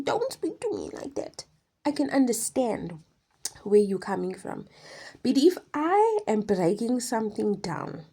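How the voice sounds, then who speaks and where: A woman giving a passionate personal faith testimony, dropping to hushed whispers and then pressing hard on her points. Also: mid-range voice, slightly rough. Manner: passionate, emphatic, swings between hushed whispers and forceful stresses. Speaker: Christian speaker sharing a testimony.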